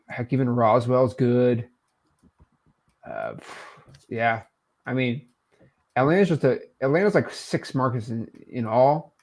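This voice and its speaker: A man's voice: mid-range voice, sing-song, slow, pauses often, darkish tone. Young male coach, easygoing and joking, loose unscripted delivery. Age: 20s. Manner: laid-back, teasing, with many fillers. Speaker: wholesaling coach hosting a live call. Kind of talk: casual coaching call.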